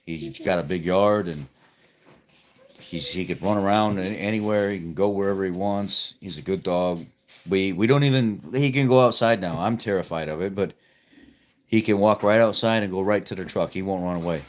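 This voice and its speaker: Low-voiced dude at home just chatting on his live stream, rambly and folksy. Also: moderate pace. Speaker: livestream host. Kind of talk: casual storytelling to viewers. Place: at home with pets nearby.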